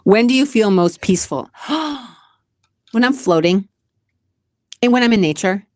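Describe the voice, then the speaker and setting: A woman's voice: mid-range voice, animated, unhurried, no echo, clean studio sound. Chatty emotional woman host. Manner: chatty, emotional, rambling with restarts. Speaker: podcast host. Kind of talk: casual chat answering question cards.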